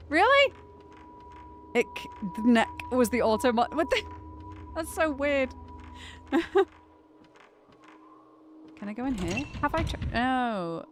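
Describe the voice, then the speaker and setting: A woman's voice: on the high side, animated, unhurried, pauses often. A young woman from Northern England with a muted Northern accent, chatting casually while streaming a game, thinking aloud and laughing often. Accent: muted Northern English. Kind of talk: casual livestream gameplay chat. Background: game music.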